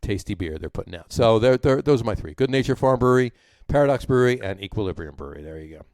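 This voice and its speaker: A man's voice: fairly low pitch, lively intonation, fast, a little mellow, no echo. A man with a New Jersey accent co-hosting a casual podcast, rambling with many fillers and restarts. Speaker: podcast co-host. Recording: noisy recording.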